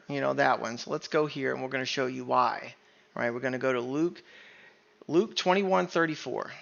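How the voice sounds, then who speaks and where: A man's voice: mid-range voice, normal speed, gravelly, fairly bright tone, dull audio. A man teaching a Bible study sermon in an emphatic way, often stopping to ask "right?". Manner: emphatic, keeps asking "right?".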